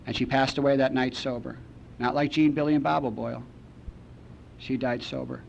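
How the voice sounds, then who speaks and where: A man speaking at a recovery meeting, telling a personal story in a wry, deadpan storytelling way, on a muffled archival recording. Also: mid-range voice, normal speed, gravelly. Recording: muffled archival tape with faint noise.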